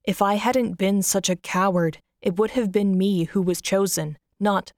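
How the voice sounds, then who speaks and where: A woman voicing a proud vampire count, speaking low and haltingly in remorse. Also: fairly even intonation, a little mellow, no room sound, clean studio sound, lightly acted. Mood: remorseful.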